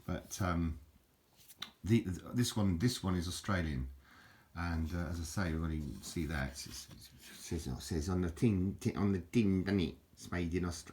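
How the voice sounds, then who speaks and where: A man hosting a casual home video, talking in a halting, rambling way with many restarts and self-mocking jokes. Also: deep voice, a little mellow. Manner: drops into mock Aussie slang for fun. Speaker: video host showing an object. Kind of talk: casual rambling show-and-tell. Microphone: handheld camera, filming one-handed.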